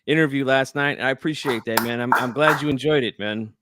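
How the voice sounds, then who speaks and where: A man hosting a live boxing call-in show, chatting in a relaxed, friendly way. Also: mid-range voice, brisk, background noise. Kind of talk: casual live-stream chat.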